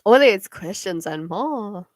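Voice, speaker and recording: A woman's voice: medium pitch, animated, slow, no room sound, studio quality. A young woman with a New Zealand accent chatting casually to viewers on a live stream at home, rambling with many fillers and giggles. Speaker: livestream card reader. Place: home at night.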